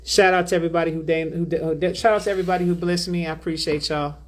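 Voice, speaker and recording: Woman, livestream host, spiritual healer; relaxed drawl, affectionate, reads chat aloud. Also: lowish voice, very fast, slight background noise. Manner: drawling, affectionate, calls viewers baby and beloved. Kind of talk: livestream chat, reading out viewer donations.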